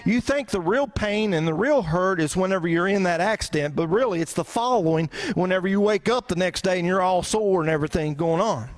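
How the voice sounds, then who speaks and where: A man's voice: sits high, brisk, few pauses. A male pastor preaching a sermon in a conversational way, full of rhetorical questions. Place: church.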